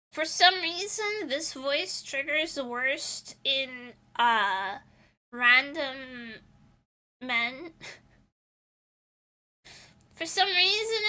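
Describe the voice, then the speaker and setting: A woman's voice: sits high, sharp tone. A woman streamer chatting casually while she draws, rambling and laughing often between thoughts.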